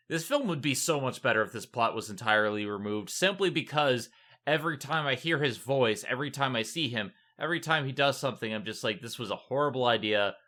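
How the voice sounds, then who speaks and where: A man chatting as a podcast co-host about a film. His voice is bright and forward, and his delivery is animated and exasperated, full of "like" and restarts. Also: mid-range voice. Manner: animated, exasperated, many fillers. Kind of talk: casual movie review chat.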